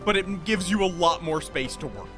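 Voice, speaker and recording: A man's voice: a little high, expressive, moderate pace, over music. A man casually commenting on his live game stream, chatty and thinking aloud, greeting viewers as he builds.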